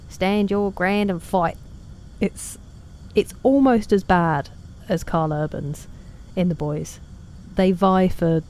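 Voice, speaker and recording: A woman's voice: low voice, mellow, slight background noise. A woman chatting casually while streaming a game, reading and answering chat in a self-deprecating way.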